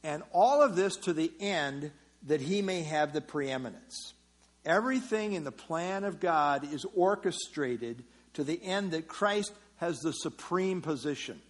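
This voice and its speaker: A man's voice: fairly high pitch, expressive, unhurried, slightly rough. A man teaching a Bible passage verse by verse in an explanatory sermon style, often repeating key phrases.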